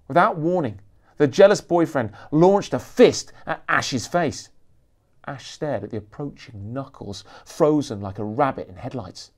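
A man reading aloud from his own thriller novel, lively and expressive in his narration. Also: medium pitch, measured pace. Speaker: author reading his book.

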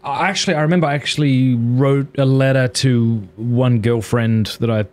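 A man's voice: medium pitch, steady tone, normal speed, a little mellow. A man hosting a podcast, talking earnestly and confessionally as a father, with small acted quotes of others. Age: adult father of children. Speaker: podcast host. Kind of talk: casual podcast conversation.

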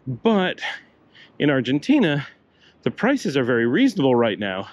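A man's voice: medium pitch, big pitch swings, unhurried, pauses often, dry recording, muffled recording. An older man narrating a walking tour outdoors in a chatty, rambling way, breathing a little hard with a slight cough. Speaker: travel vlogger. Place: city streets outdoors, walking.

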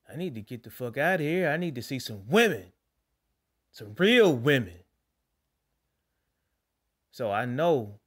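A young man doing profane, animated stand-up storytelling and acting out voices. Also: mid-range voice. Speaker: stand-up comedian.

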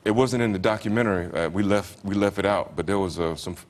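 A man's voice: sits low, quick pace. A man in his forties from Georgia with a Southern US accent, telling wry stories as a talk-show guest, with plenty of fillers. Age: 40s. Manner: laid-back, wry, often laughing, many fillers. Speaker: comedian guest. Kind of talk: anecdotal talk-show storytelling.

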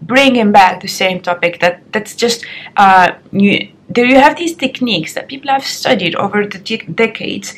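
A woman's voice: mid-range voice, moderate pace. Frank, chatty woman vlogging at home. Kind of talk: get-ready-with-me advice vlog. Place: home, doing makeup in front of the camera. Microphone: compact camera's built-in mic.

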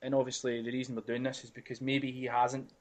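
A man's voice: medium pitch, completely flat delivery, fast talker. A man co-hosting a podcast, giving opinions freely and swearing casually. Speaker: podcast co-host. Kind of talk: casual chat.

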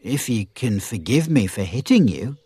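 A man's voice: big pitch swings, moderate pace, husky, dry recording. Much, a man voicing a fiery young miller. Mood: earnest. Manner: high-pitched, shouting when angry. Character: young male miller, bold and quick-tempered.

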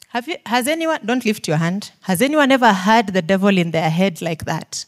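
A woman's voice: mid-range voice, expressive, brisk, few pauses. A woman preacher with a Kenyan accent, preaching a sermon in an earnest, pleading way, firing questions and moving from near-whispers to emphatic pushes.

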